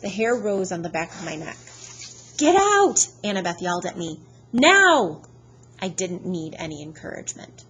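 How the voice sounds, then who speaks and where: A woman narrating an audiobook in a lively, expressive reading style. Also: lowish voice, quick pace, few pauses, slight background noise, low-quality recording. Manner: lively expressive reading, voicing characters' shouts.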